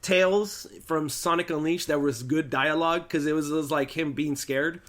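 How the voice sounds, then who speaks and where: A man's voice: fairly high pitch, fairly even intonation, normal speed, a bit bright. A man hosting a podcast, chatting casually and animatedly, with laughs and stumbling restarts. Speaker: podcast host. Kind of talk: casual chat.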